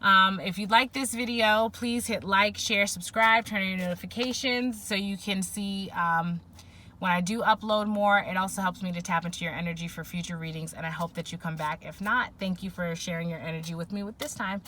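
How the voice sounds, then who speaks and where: A woman's voice: mid-range voice, brisk, pushed and bright, a little hiss or hum. A woman giving a spiritual pick-a-pile tarot reading, rambling and emotional as she thinks aloud with many fillers. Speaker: tarot reader.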